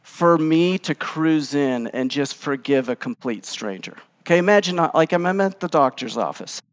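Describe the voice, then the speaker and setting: Animated man preaching in a reverberant hall. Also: on the high side, normal speed. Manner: animated storytelling, acting out quoted lines. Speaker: pastor. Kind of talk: casual sermon.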